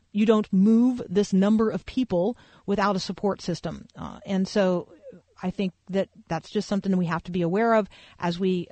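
A woman's voice: medium pitch, no room sound. Chatty woman hosting a faith talk show. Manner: conversational, many fillers, thinks aloud. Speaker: radio talk show host. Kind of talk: faith-based news commentary.

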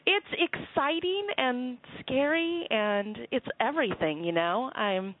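A woman's voice: on the high side, expressive, takes it slowly, a little hiss or hum. A woman in her thirties, a guest author calling in, chatty and joking with fillers. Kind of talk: phone interview. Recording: dry tinny phone line.

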